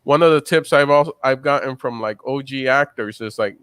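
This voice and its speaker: Mid-pitched man in a dry room. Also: a little fast, fairly bright tone, smooth, dry recording. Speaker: comedian, podcast co-host. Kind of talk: casual podcast chat.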